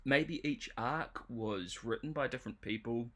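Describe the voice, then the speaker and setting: A man's voice: medium pitch, unhurried, pushed and bright. Exasperated man ranting about a show. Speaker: show reviewer streamer. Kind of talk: livestream commentary.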